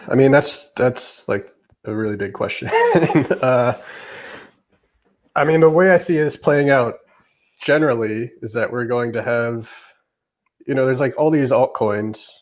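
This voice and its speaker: A man on a discussion panel, talking casually and haltingly with many fillers. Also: medium pitch. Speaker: panel guest.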